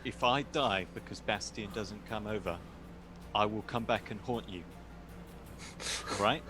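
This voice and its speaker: A man's voice: on the low side, a little slow, pushed and bright, soft background music. A man playing a tabletop game, talking casually and making threats in character. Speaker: player.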